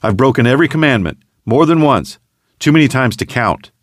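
A man's voice: expressive, fairly quick, no echo, clean studio sound. A man voicing a bitter, guilt-ridden tough guy who strains and breaks down as he confesses, in a storybook reading. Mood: anguished. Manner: strained, rising in pitch when upset.

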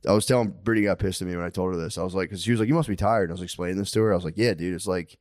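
Low-pitched man, 30s, profane rambling podcast co-host; dry close recording. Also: racing, a little mellow, no room sound. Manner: rambling, profane, laughs often. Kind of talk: casual chat.

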